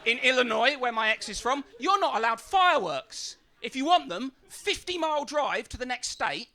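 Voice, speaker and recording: Bright, very high-voiced brash male comic. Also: sing-song, normal speed. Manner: brash, sweary mockery. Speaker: stand-up comedian. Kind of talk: stand-up set. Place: comedy club stage.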